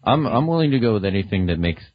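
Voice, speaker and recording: A man guesting on a casual podcast, enthusiastic and rambling, quick to laugh. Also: on the low side, sing-song, no room sound, highs cut off.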